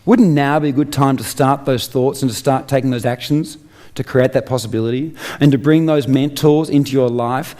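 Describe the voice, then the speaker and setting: A man's voice: mid-range voice, a little mellow. An Australian man giving an emphatic motivational speech on stage, full of rhetorical questions. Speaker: inspirational speaker.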